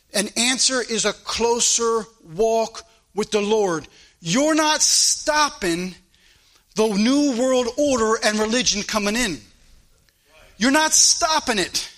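A man with a drawl preaches with passion, his voice sitting high for a man. His tone is bright and cutting, and he swings from hard, loud exhortation to soft, pleading hushes. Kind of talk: fiery sermon.

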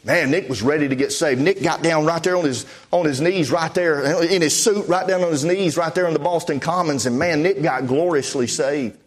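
High-voiced folksy preacher man. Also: normal speed, hardly any pauses. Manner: folksy testimony storytelling, many "I said". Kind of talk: storytelling sermon.

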